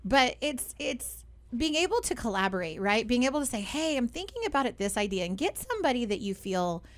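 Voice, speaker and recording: A woman's voice: a little high, very animated, fairly quick, a bit bright. Chatty young woman radio host. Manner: chatty, upbeat, many fillers and "right?". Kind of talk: casual radio talk. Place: radio studio.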